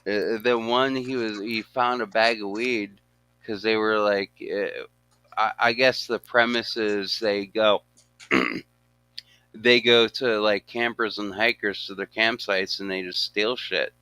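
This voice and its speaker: A man's voice: lowish voice, slow pace, clear, resonant tone, dry recording, poor audio. An older man chatting casually on a livestream, telling stories with animation and frequent laughter. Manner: animated storyteller, laughs often. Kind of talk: casual chat.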